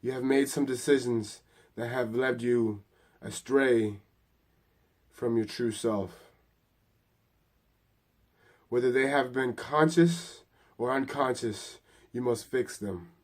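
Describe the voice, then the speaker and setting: A man voicing a calm, mysterious inner voice that speaks slowly and soothingly. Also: mid-range voice. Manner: slow soothing chanting.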